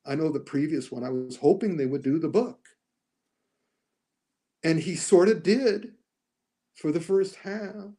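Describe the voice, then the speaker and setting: A man talking casually as a podcast guest about films, animated, often acting out lines he quotes. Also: a little high, measured pace, long pauses, husky. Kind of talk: casual podcast movie discussion.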